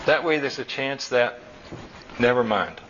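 A man reading aloud, voicing a calm, reassuring father who is an inventor. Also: mid-range voice, measured pace, muffled recording, background noise, natural voice.

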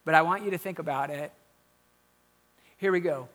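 A pastor preaching a sermon in a conversational way, with quiet asides and emphatic rising questions. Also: male voice, a little high, normal speed.

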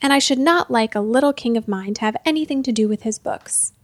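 A fussy old male minister hedges politely and hesitates, voiced by a woman reading aloud. The voice is fairly high and close, with no room sound. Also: fairly quick, no echo, close to an everyday voice. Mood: hesitant.

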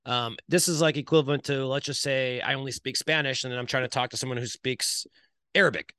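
A man's voice: mid-range voice, fairly even intonation, fairly quick, pushed and bright, clear, resonant tone, no echo. A man hosting a conversational interview, agreeing with his guest and thinking aloud as he sums up the points. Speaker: podcast host.

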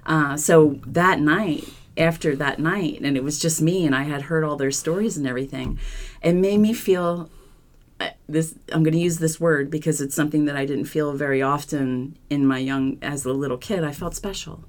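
Woman guest, low voice, animated storyteller who does the voices of the people she quotes. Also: moderate pace. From Philadelphia. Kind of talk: casual storytelling.

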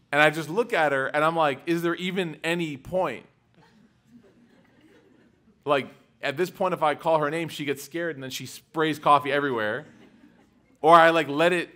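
A man with a fairly high voice speaks to a live audience, telling personal stories with lively energy. His talk is casual and full of fillers. He keeps asking his listeners questions as he makes his points. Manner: animated storyteller, quizzes the audience. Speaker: religious speaker. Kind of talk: lecture with anecdotes to a live audience.

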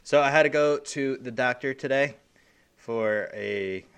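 A man co-hosting a podcast, telling a quick anecdote in casual chat with lively acted-out quotes. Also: mid-range voice, clean tone. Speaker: podcast co-host.

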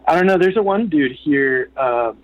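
A man's voice: on the high side, lively intonation, moderate pace. A man telling rambling, profane stories over a phone call from a catering kitchen at work. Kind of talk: casual chat.

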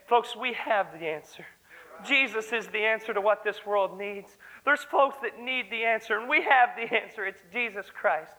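Earnest young preacher, high bright voice. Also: male voice, moderate pace, poor audio. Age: young adult. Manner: earnest, fervent preaching, breaks into song. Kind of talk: sermon.

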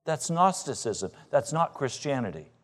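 A man's voice: mid-range voice, big pitch swings, normal speed. Man preaching in a reverberant hall. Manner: preaching with swings between loud emphasis and quiet intensity. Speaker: pastor. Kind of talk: sermon.

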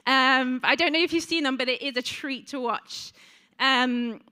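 A woman's voice: high-pitched, a little slow, pushed and bright, clear, resonant tone. A woman preaching a sermon to a congregation in a church, chatty, with frequent ums and asides to the listeners.

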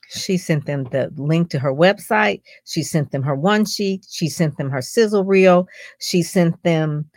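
A woman's voice: deep voice, dry recording, studio quality. A woman speaking as a publicity strategist, coaching listeners in an emphatic way and asking lots of rhetorical questions. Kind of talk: podcast advice talk.

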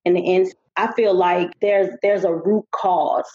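A woman's voice: on the low side, steady tone, moderate pace, mellow, slightly rough. A woman hosting a podcast, talking earnestly and often restarting her sentences. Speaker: podcast host. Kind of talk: podcast interview conversation. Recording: dull lo-fi sound.

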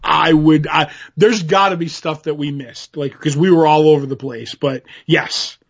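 A man co-hosting a podcast in casual chat, laughing often and animated. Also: fairly high pitch, normal speed. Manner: laughing, animated, does little bits. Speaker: podcast co-host. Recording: dull lo-fi sound.

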